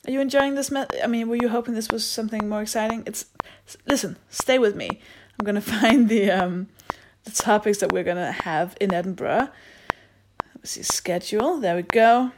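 A podcast host with a mid-range voice and normal pace reads out announcements on her own, playful, rambling, and poking fun at herself. There's noise in the background.

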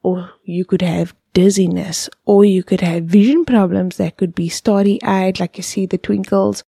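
A woman's voice: medium pitch, steady tone, unhurried, vocal fry, dark tone, breathy edge, no echo, studio quality. A woman, hosting a podcast and explaining things step by step with vivid examples, sometimes dropping to a whisper. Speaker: podcast host.

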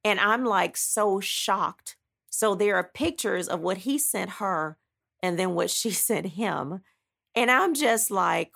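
A woman with a deeply gravelly, fry-heavy voice tells her own story as an author. She is blunt and emphatic, dramatizing each step with frequent asides. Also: expressive, slow, a bit bright. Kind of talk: animated personal storytelling.

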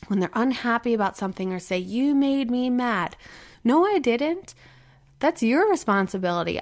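A woman in her thirties hosting a podcast, telling a story and encouraging listeners in an earnest, motivating way. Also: medium pitch. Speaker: podcast host and coach. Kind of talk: podcast monologue with a told story.

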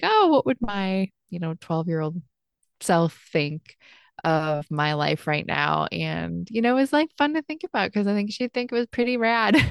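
A woman's voice: low-pitched, vocal fry, clear, resonant tone, dry recording, studio quality. A young adult woman hosting a casual solo podcast, reflective and chatty, with plenty of fillers and restarts. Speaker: podcast host and life coach.

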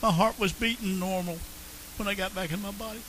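A man's voice: high voice, fairly even intonation, a little fast, background noise. A man telling his personal faith testimony in an earnest way, repeating phrases for emphasis. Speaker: Christian testimony speaker.

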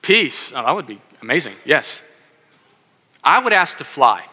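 A man preaching a lively sermon, acting out the voices in his stories and calling on the kids in the room. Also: on the high side, unhurried, slightly rough. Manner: animated, acts out quoted voices, addresses kids in audience. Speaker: pastor. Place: church sanctuary. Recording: long hall reverb.

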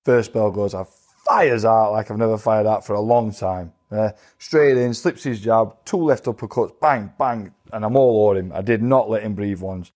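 With a fairly low, slightly mellow voice at normal speed, a former boxer bluntly tells his stories in a relaxed interview. He keeps it plain-spoken and performs the voices he quotes.

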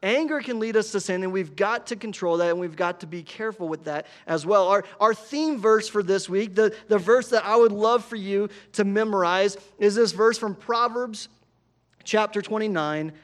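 A pastor in his thirties delivers a sermon with a notably high-pitched voice. He talks casually and animatedly, telling personal stories and checking in with listeners by asking "right?". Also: moderate pace. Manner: conversational, animated storytelling with frequent "right?".

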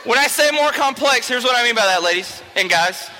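An extremely high-pitched young man speaks a little fast, with lively intonation and a pushed, bright tone, and there's a little hiss or hum on the recording. As a youth teacher, he gives a joking, chatty informal talk to a youth group, often asking "okay?", with long reverb from a large hall.

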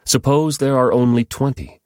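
A man's voice: medium pitch, fairly even intonation, normal speed, a little mellow, no echo, studio quality, pitched above the performer's own voice, close to an everyday voice. A man voicing a humble old patriarch who pleads and bargains earnestly, in a Bible reading. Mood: earnest pleading.

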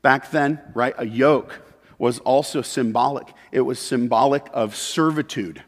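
A man preaching a sermon as pastor, moving between loud emphatic peaks and quiet, confessional asides. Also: mid-range voice, measured pace. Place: church sanctuary. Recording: long hall reverb.

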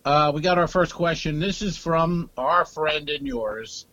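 A man's voice: fairly high pitch, a little slow, pushed and bright, no echo, dull audio. A man co-hosting a comedy podcast in casual chat, rambling and hesitant, acting out little exchanges. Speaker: podcast co-host.

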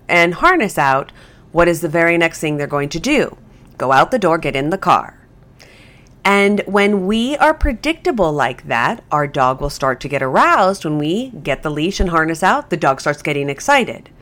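Animated woman explaining dog training. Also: fairly low pitch. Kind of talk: podcast monologue.

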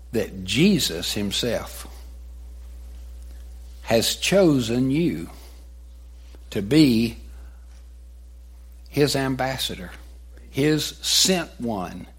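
A man voicing a kindly male messenger who speaks gently and reassuringly. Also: mid-range voice, big pitch swings, drawn-out words, pauses often, slightly rough, exaggerated voice.

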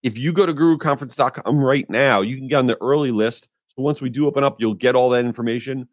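A man hosting a podcast, telling an exasperated, animated story about a pet peeve. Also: mid-range voice, quick pace, dry recording, studio quality. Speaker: podcast host. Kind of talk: ranting monologue.

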